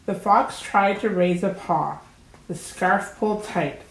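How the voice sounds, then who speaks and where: A woman reads a children's picture book aloud, gentle and deliberate. She takes her time over each line at a middle pitch. Her voice carries an echoey room sound. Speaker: storybook reader. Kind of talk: children's story read-aloud. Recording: roomy echo.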